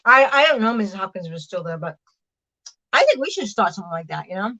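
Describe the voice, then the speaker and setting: A woman's voice: medium pitch, very animated, fast, pushed and bright, highs cut off. A woman casually chatting to her livestream viewers while she cooks in her kitchen, rambling with lots of fillers and "hang on"s, often drifting away from the mic. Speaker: livestream host. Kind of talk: casual chat while cooking. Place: home kitchen, moving between rooms. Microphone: device mic, often at a distance.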